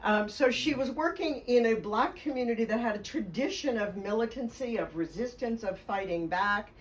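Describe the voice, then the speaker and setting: A woman's voice: a little high, normal speed, recorded from a distance, low-quality recording. A woman biographer telling stories in a conversation, speaking fluently and with emphasis. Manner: fluent, emphatic, laughs along. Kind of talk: conversational storytelling interview.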